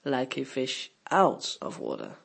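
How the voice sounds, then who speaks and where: A man narrating a scripted English lesson, explaining clearly and giving spoken examples. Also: mid-range voice, wildly swooping pitch, slow, fairly bright tone. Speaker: English teacher.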